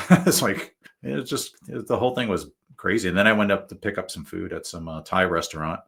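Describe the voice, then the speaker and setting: A man's voice: low-pitched, a little fast, creaky, fairly bright tone, slightly rough. A male guest telling stories in a casual, rambling way, full of fillers and restarts. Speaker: guest author. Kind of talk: casual storytelling.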